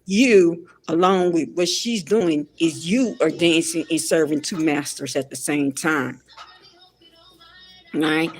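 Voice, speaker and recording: Gravelly, blunt woman ranting. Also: deep voice, slow, soft background music. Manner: blunt, repetitive, exasperated. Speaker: pop culture commentator. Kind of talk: ranting casual commentary.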